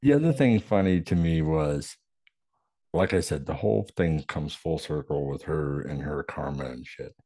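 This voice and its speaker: A man with a very deep, dark voice chats casually on a podcast about a film. He is laid-back and profane and chuckles often. The recording is dry and close. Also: normal speed, dry recording. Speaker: podcast co-host.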